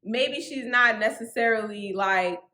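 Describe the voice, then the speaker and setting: A woman's voice: on the high side, a little slow, pushed and bright, roomy sound. A woman co-hosting a casual recap chat, musing and hesitant, often trailing off mid-thought. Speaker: co-host.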